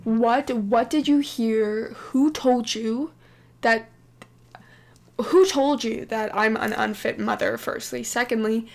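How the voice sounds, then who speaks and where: A woman's voice: on the high side, steady tone, slow, creaky. A woman playing an indignant young mother.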